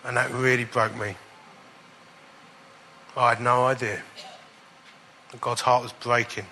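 Bright-voiced man preaching a story sermon. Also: mid-range voice, unhurried, slight background noise. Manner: animated testimony, chuckling through the funny parts.

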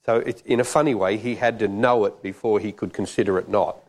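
A man's voice: fairly low pitch, steady tone, fairly quick, darkish tone. A man preaching a jokey, conversational sermon.

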